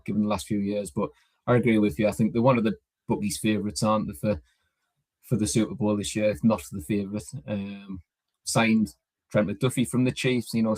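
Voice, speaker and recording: A man co-hosting a podcast, talking casually in a halting way with many restarts over a video call. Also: lowish voice, a little mellow. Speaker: podcast co-host.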